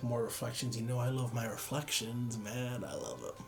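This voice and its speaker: Tired young guy chatting loosely about his pics, mid-pitch, soft music under him. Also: very animated, moderate pace, gravelly. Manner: rambling, self-deprecating, laughs at own jokes. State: tired, yawning. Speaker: photography vlogger. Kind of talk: casual chat.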